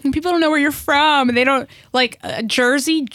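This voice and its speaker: Brief: fairly high-voiced woman podcaster, animated storyteller, dry close-miked sound. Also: moderate pace, no room sound. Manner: animated, indignant, swears freely. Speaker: podcast co-host. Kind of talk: casual storytelling chat.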